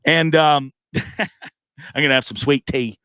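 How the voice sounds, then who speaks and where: A man hosting his own live show, telling a long story in a casual, animated way, acting out the other people in it and swearing freely. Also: fairly high pitch, a little slow, clear, resonant tone, no echo. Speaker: host.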